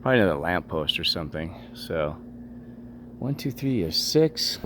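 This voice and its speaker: Low-voiced man rambling through an old hotel. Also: big pitch swings, moderate pace, fairly bright tone, slight background noise. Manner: musing, talks to himself while exploring; calls out commandingly to a spirit. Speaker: paranormal investigator vlogger. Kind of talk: rambling walk-through commentary.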